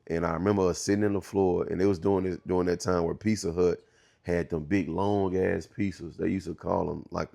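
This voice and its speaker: Man, thirties, halting candid storytelling, slangy, gravelly rasp. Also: low-pitched, little pitch movement, mellow. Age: 30s. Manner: halting, restarts often, slangy and profane. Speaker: interview guest.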